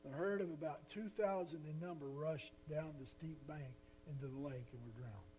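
A man's voice: fairly high pitch, normal speed, mellow, a little hiss or hum, low-quality recording. A male pastor preaching an earnest, emphatic sermon, asking his listeners questions.

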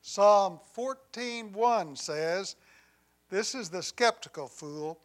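Slow, high-voiced preaching man. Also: animated. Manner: deliberate preaching with dramatic swings in volume, dropping to near quiet on key lines; humorous asides. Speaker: pastor. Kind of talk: sermon.

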